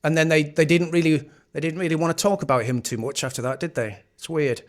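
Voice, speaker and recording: A man's voice: on the high side, fairly even intonation, fast talker. A man hosting a live stream, reacting to clips in casual, sarcastic commentary with frequent swearing.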